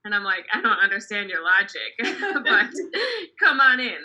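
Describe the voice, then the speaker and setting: A woman's voice: medium pitch, expressive, moderate pace, pushed and bright, highs cut off. A young woman performing a stand-up comedy set over a video call, chatty and self-deprecating, often laughing at her own jokes.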